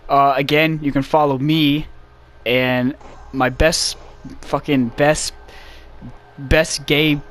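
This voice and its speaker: A man's voice: a little high, little pitch movement, slow pace, fairly bright tone. A young man co-hosting a podcast in casual chat, joking crudely and laughing often. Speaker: podcast co-host.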